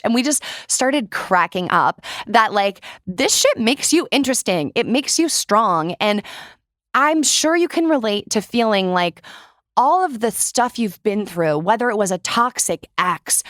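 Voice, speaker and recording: A woman's voice: medium pitch, animated, normal speed, a bit bright, no echo. Candid young woman podcast host, dry sound. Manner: candid, chatty, fillers of "like", casual swearing. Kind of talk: casual solo monologue.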